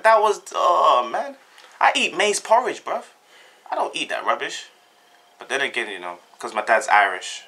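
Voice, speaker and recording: A young man chats casually on his vlog, laid-back and full of slang. His pitch sits a little low, but his tone comes through bright and forward. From Britain. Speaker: vlogger. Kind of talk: casual chat.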